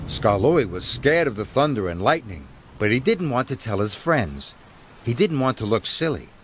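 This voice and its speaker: A man narrating a children's storybook in an expressive read-aloud manner. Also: medium pitch, background noise. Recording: narration over background music.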